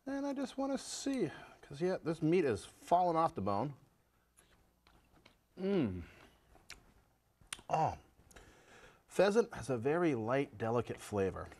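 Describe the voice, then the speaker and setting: A man's voice: on the high side, huge pitch swings, slow, pauses often, darkish tone. A man hosting a casual home cooking show, chatting to viewers as he tastes and cooks. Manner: chatty, tasting food and talking to viewers as folks.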